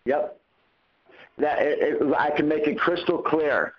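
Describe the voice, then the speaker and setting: Animated man hosting a coaching call. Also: on the high side, measured pace. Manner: animated, acts out quoted conversations. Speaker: host answering callers' questions. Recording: muffled lo-fi call audio.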